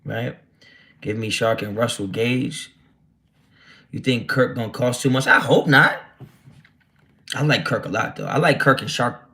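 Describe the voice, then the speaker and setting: He speaks at a medium pitch, a little slowly, with long pauses and a sharp tone. Hosting a casual football livestream, the man reads chat aloud and replies in a brash, profane manner.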